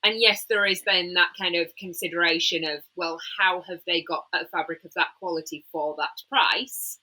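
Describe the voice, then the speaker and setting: Bright-voiced Yorkshire woman host. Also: fairly low pitch, fairly even intonation, normal speed, rough recording. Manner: enthusiastic, effusive. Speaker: podcast host. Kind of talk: casual fashion chat.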